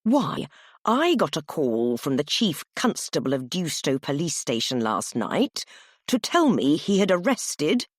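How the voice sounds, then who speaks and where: A stern male headmaster, played by a woman reading aloud, speaking slowly and quietly through barely held anger. The voice is low and husky, with sudden lifts in its pitch. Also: sing-song, dry recording, studio quality, exaggerated voice. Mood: restrained fury. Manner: slow, quiet, barely restrained fury.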